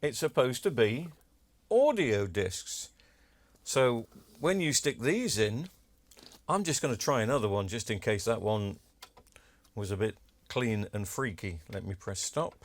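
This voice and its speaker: A man's voice: medium pitch, animated, a little slow. A man talking casually while demonstrating electronics, chatty with cheeky asides. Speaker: electronics repair video maker. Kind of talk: casual demo talk to camera.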